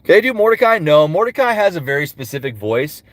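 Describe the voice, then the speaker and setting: A male voice actor chats casually with fans on a livestream, answering their questions and slipping into character voices between replies. His voice is a little high and sing-song, moving at a quick pace on a dry recording.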